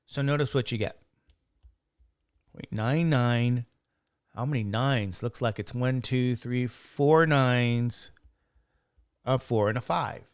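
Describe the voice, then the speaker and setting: A man's voice: medium pitch, slow, pauses often, clean tone, no room sound, studio quality. A man teaching a statistics lecture, walking through a calculation and counting digits aloud step by step. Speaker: statistics instructor. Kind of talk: classroom lecture.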